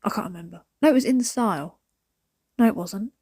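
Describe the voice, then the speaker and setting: Fairly quick and medium-pitched, this woman's voice has a darkish tone and a breathy edge. She is a British vlogger in her thirties rambling casually to a phone camera as she declutters indoors at home, often dropping to a whisper. The recording is dry and studio quality.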